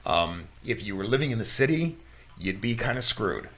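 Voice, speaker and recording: A man's voice: lowish voice, big pitch swings, normal speed, a bit bright. A man co-hosting a casual talk show, rambling with frequent restarts and laughter. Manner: rambling, restarts often, laughs while talking. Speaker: podcast co-host. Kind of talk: casual chat.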